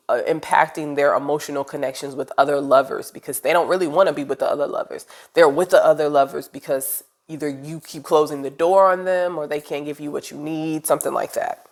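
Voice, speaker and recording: A woman with a low voice reads tarot cards aloud in a loose, chatty way. She sounds congested from a cold, and her talk drifts and rambles with "um"s and "you know"s. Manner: chatty, rambling, direct address with fillers. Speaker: tarot reader. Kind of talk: casual tarot reading.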